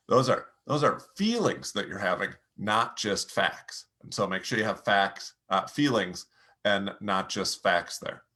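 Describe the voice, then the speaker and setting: Bright-voiced man coaching on storytelling. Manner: direct, coaching, addresses listener as you; demonstrates voice changes, lowering and raising pitch. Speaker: speaking coach. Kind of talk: motivational teaching talk.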